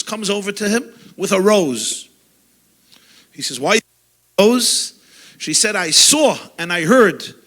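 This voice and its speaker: A male rabbi preaches with fervor, his voice high and bright. He swings between loud, urgent outbursts and quiet, hushed passages as he speaks to a gathering. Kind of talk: sermon. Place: lecture gathering.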